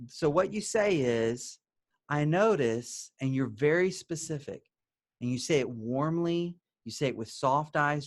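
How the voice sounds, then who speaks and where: A middle-aged man gives a conversational video lesson on relationships. His voice sits a little higher than most men's. He asks questions and answers them himself, and drops into a soft, gentle tone when he acts out example phrases. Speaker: therapist teaching couples.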